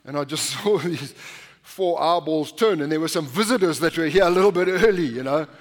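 High-voiced man preaching in a reverberant hall. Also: brisk. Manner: conversational, anecdotal preaching with frequent restarts. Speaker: pastor. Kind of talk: sermon. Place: church sanctuary.

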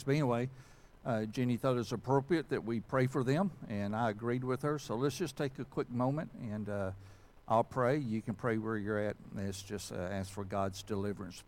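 A man preaching as pastor, talking in a folksy, self-deprecating way and filling pauses with "uh". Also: on the low side, a little mellow, slight background noise. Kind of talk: conversational sermon and prayer.

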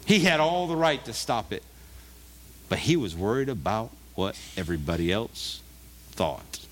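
A man's voice: fairly low pitch, big pitch swings, normal speed. A male pastor giving a sermon, earnest and conversational with emphatic turns.

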